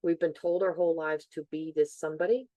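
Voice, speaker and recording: A woman's voice: deep voice, steady tone, fast talker, warm tone, dry recording. A middle-aged woman hosting a podcast, talking in an earnest, reflective way and repeating phrases for emphasis. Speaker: podcast host. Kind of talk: reflective casual chat.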